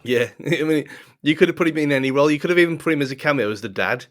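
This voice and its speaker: A man's voice: fairly high pitch, very fast. A man co-hosting a casual film podcast who often laughs in the middle of his sentences. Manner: giggly, laughs often between words. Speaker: podcast co-host. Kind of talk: casual film-review chat.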